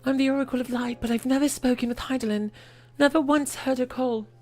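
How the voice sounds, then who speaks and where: A woman voicing a gentle young girl oracle in a high, soft, rushed voice. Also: steady tone. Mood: wistful.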